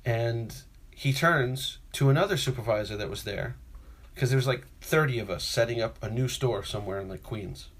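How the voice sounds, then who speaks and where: A man, co-hosting a casual chat and telling an exasperated story with lively voiced impressions. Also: medium pitch, normal speed. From Brooklyn, New York.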